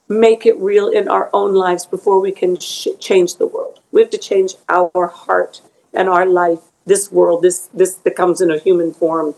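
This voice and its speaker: A woman's voice: mid-range voice, darkish tone, low-quality recording. A middle-aged woman being interviewed as an author, speaking earnestly and emotionally about faith, often repeating words as she goes.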